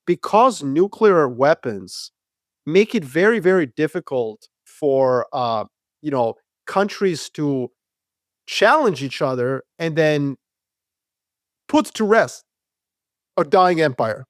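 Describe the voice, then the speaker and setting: A man co-hosting a podcast, debating world affairs in an animated, profane, casual way. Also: on the high side, slow, dry recording, clean studio sound. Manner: animated, profane, acts out quoted voices. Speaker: podcast co-host.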